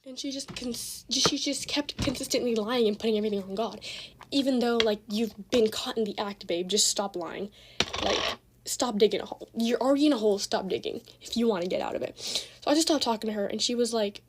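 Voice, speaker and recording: A teenage girl rants through a messy school feud in a casual storytime, slangy and full of swearing. Her voice sits a little high, and she tells it in an animated way. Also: noisy background. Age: teens. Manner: fast, slangy, profane, animated retelling.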